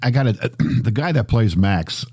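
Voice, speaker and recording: A man's voice: mid-range voice, lively intonation, moderate pace, a little mellow, husky, no echo. A man hosting a podcast, talking in an easygoing, casual way. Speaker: podcast host.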